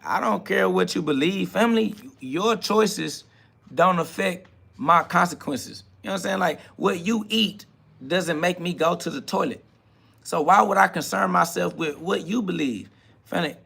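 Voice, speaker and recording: A man's voice: high-pitched, vocal fry, fairly bright tone, husky. A man hosting a live stream, preaching. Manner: swaggering, slangy, talks back to chat comments. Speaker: livestream host. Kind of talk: casual preaching monologue.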